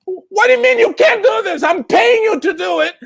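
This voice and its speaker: A Brazilian-accented man voicing a bossy, panicked stagecoach driver who shouts frantic orders during a told story. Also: extremely high pitch, lively intonation, moderate pace, vocal fry, pitched above the performer's own voice, exaggerated voice.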